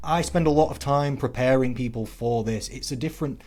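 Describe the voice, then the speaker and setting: A man, a fitness coach co-hosting a podcast, talking in casual chat with punchy loud stresses and quiet asides. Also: mid-range voice, a little fast.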